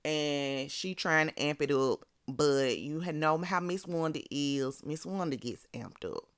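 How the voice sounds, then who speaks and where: A speaker with a Southern Alabama twang dishes out animated, sassy commentary in easy slang. The voice is smooth and clear. It is recorded close and dry, with no room sound. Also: medium pitch, unhurried, dry recording. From Birmingham, Alabama. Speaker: reality TV recap commentator. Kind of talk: casual commentary.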